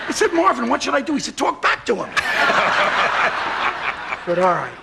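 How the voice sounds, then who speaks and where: A man's voice: very high-pitched, big pitch swings, moderate pace, gravelly, pauses often, noisy background. A man, telling a comic anecdote as a talk show guest and acting out both sides of the dialogue. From Brooklyn, New York. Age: 60s. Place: TV studio.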